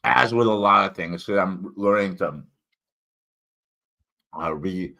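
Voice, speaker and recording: Low American male host, bright tone, rambling solo-stream chatter, slightly impaired enunciation. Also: slow, gravelly. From United States. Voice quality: slightly impaired enunciation after tongue cancer. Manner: digressive, many fillers and restarts. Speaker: independent author and solo livestream host. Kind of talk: rambling solo livestream chat.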